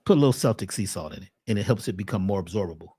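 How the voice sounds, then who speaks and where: A man presenting herbal health advice in a casual livestream talk, preachy and animated, throwing out rhetorical questions. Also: low-pitched, very fast, husky.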